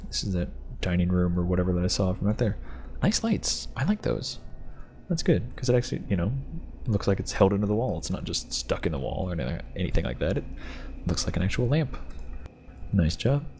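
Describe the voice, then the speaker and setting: A man's voice: deep voice, sing-song, a little fast, a little mellow, a little hiss or hum. A man hosting a channel, rambling and joking with frequent laughs as he tours a ship in a game. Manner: rambling, jokey, laughs often. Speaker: channel host reviewing game ships. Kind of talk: casual game commentary.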